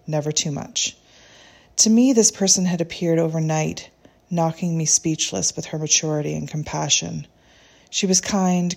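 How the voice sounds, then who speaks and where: A woman reads a reflective first-person story in a gentle, unhurried, tender manner. Her voice is low and husky, with a gravelly edge. The tone stays mellow and soft.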